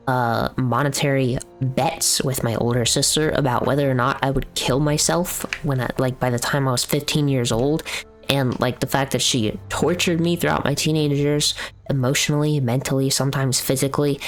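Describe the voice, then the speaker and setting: A young adult streamer chatting casually while gaming, telling a story in blunt, profane language that turns into heated ranting. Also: mid-range voice.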